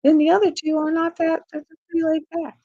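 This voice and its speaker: A woman's voice: very high-pitched, flat delivery, brisk, warm tone, no room sound, muffled recording. An older woman, hosting a casual craft live stream from home on a laptop, chatting in a rambling way and laughing often. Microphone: laptop mic.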